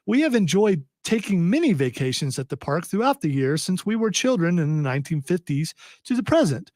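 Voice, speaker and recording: High-voiced joking podcast host. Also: male voice, big pitch swings, brisk, darkish tone, no room sound, studio quality. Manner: jokey, wry asides while reading. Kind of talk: casual podcast chat, reading news aloud.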